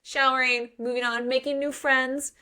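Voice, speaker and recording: A woman co-hosting a casual book podcast, lively, acting out characters' lines and swearing casually. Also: sits high, moderate pace, clear, resonant tone. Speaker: podcast co-host.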